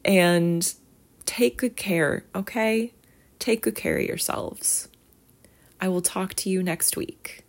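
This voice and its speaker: A woman with a medium-pitched, gravelly voice speaks slowly as she hosts a solo podcast. The chat is casual and rambling, packed with fillers, and she's often self-deprecating.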